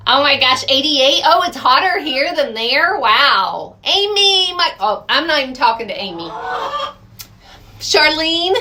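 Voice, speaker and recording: A woman's voice: sits high, very animated, measured pace, bright, forceful tone, slight background noise. A middle-aged woman with a Southern US accent, chatting casually on a livestream, laughing often and cooing at her pets. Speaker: vlog host. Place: outdoors at a home with hens.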